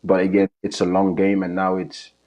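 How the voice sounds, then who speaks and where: A man's voice: sits low, monotone, normal speed, darkish tone, rough recording. A man who coaches soccer, analyzing a live match in casual talk, earnest and often repeating or restarting his phrases. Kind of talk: live match commentary chat.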